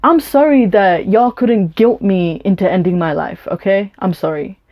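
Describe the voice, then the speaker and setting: A woman's voice: medium pitch, moderate pace, lo-fi sound. A young woman, telling a personal story to camera in a blunt, indignant rant full of swearing and "like". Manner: blunt, profane, indignant, with lots of "like" and "um". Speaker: vlogger.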